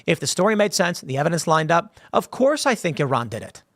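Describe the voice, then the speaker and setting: Male commentator, fairly high voice, intense monologue delivery, dry close recording. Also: very animated, fairly quick, a bit bright, no room sound. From United States. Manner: emphatic, with frequent restarts and quoted asides. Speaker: political commentator. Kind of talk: opinion monologue.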